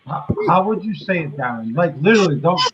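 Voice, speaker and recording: A man's voice: on the high side, animated, fast, heavy background noise. A man from the northeastern United States, teasing and blunt in a casual group video call at home. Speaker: guest on a live stream. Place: home with dogs barking. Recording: dull lo-fi sound with dogs barking.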